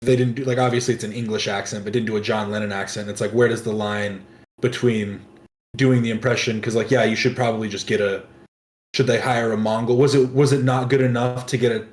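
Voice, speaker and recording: A man talks through his thoughts on a reaction stream in a hesitant, stop-start way. His voice sits in a middle pitch. The room around him sounds echoey. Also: steady tone, brisk. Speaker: guest panelist. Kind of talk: casual reaction chat.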